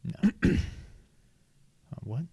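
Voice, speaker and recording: A man's voice: very slow, dark tone, no room sound. A man co-hosting a casual gaming podcast, laid-back and a bit hesitant, stretching out his words. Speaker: podcast co-host.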